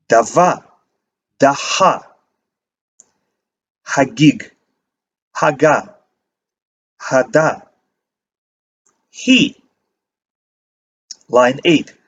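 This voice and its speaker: A man teaching a language lesson, reading word lists aloud and pausing to give short meanings. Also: mid-range voice, slightly rough, dull audio. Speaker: Hebrew teacher. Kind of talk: slow vocabulary reading lesson.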